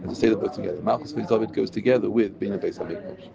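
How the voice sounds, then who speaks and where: A man leads a Torah class, working through prayer verses and translating each line with firm emphasis. His voice is gravelly, of middling pitch. The recording sounds muffled, with a crowd audible behind him. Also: racing. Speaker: Torah teacher.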